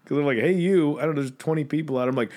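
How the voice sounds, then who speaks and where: A man co-hosting a podcast, telling stories in a casual, animated way and putting on high voices for the people in them. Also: rapid-fire. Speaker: podcast co-host. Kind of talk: casual chat.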